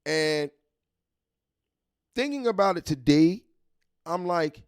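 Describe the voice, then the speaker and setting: A man's voice: fairly high pitch, lively intonation, slow pace, clear, resonant tone. A man from New York with a New York accent, hosting a live stream and chatting casually, repeating himself and restarting his sentences. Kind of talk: casual commentary reading a list.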